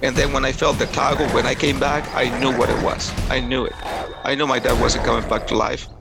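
A man's voice: medium pitch, flat delivery, fairly quick, vocal fry, loud music behind the voice. A man giving an intense, earnest first-person testimony, retelling a harrowing experience in vivid detail. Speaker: storyteller recounting a personal experience.

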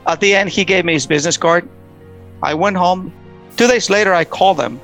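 Man, personal testimony storyteller, slightly high voice, earnest and emotional, loose retelling with restarts. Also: a little fast, fairly bright tone, soft background music. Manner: earnest, emotional, repeats himself. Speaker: testimony speaker.

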